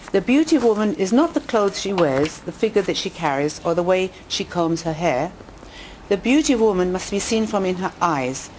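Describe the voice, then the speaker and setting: A woman tells jokes and stories in an inspirational talk, her voice climbing for quoted lines and punchlines. Her pitch sits in the middle of the range. Faint noise hums under the recording. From England. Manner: lively storyteller who rises in pitch on quotes and punchlines. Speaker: speaker addressing a women's audience. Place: community hall with a live audience.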